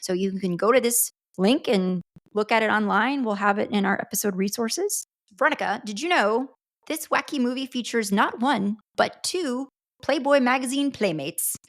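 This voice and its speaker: A woman's voice: fairly high pitch, normal speed, no room sound. Dry-sounding woman podcast co-host. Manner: animated, reacting aloud to scenes. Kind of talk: casual movie commentary chat.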